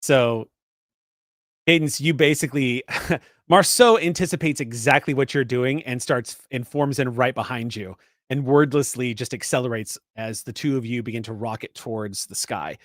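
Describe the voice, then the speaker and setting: A man's voice: mid-range voice, normal speed, dry recording, studio quality. A man narrating a tabletop role-playing game as game master, with frequent laughs and fillers.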